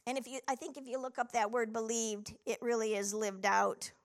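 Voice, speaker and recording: A woman's voice: a little high, level tone, moderate pace. A middle-aged woman preaching a sermon, telling a scripture story with animation and reading verses aloud.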